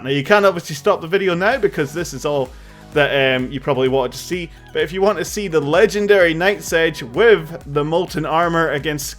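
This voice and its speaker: A young man with a slightly raised voice talks through a game tutorial in a loose, chatty way. He rambles a little, filling gaps with ums and uhs. Soft music plays faintly underneath. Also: on the high side. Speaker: gaming tutorial creator. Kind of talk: casual game tutorial commentary.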